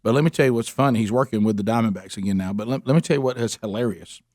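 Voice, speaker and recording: A man's voice: on the low side, rapid-fire, darkish tone, no echo, clean studio sound. A man, hosting a radio show and telling rambling, chuckling anecdotes in casual chat.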